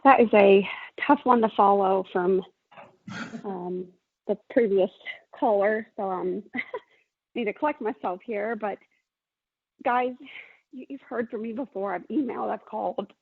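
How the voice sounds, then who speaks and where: A woman's voice: medium pitch, unhurried, gravelly, pauses often, breathy edge, no room sound. A woman giving an emotional, pleading public comment at a council meeting. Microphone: phone call. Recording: tinny phone line.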